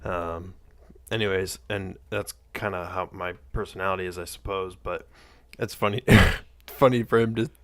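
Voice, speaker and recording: A male host commenting on a played clip in a casual, reflective way with soft-spoken asides. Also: sits low, steady tone, moderate pace.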